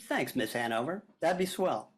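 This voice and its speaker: A small-town cop, read by a woman speaks briefly and in a friendly way. The voice sits very low for a woman. It is a virtual table read. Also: lively intonation, normal speed. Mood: easygoing. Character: alert young male small-town cop.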